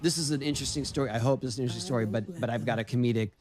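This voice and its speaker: A middle-aged man, a guest in a casual podcast chat, telling animated stories with frequent restarts. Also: medium pitch, racing, a crowd in the background.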